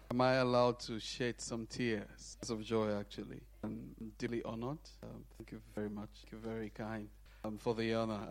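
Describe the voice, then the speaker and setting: A man preaching as a guest in a church, humble and soft-spoken with halting fillers, then leading worship singing. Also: lowish voice. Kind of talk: sermon opening and worship singing. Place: church sanctuary.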